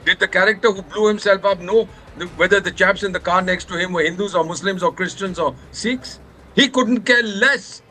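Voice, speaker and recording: A man's voice: sits high, moderate pace, pushed and bright, a little hiss or hum. An older man with an Indian English accent speaking as a news panel guest, impassioned and indignant, slipping into Hindi phrases. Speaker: panel guest, former ambassador. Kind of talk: heated panel debate.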